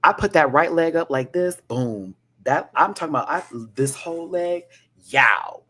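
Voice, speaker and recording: A young man telling a vlog storytime, dramatic and full of slang, with bursts of high laughter. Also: moderate pace, pushed and bright, husky. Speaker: vlogger. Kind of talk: animated storytime rant.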